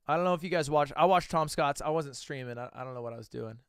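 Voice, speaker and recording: A young man in his twenties reacting to a video on stream, animated and swearing, switching between loud outbursts and quiet mutters. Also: a little high, fast talker, clear, resonant tone, no echo, studio quality. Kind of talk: casual reaction commentary.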